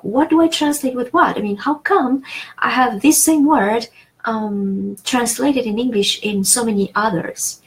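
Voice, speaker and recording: A woman's voice: on the high side, rough recording. A woman teaching a French lesson in English, explaining patiently with many fillers and restarts. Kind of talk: online language lesson.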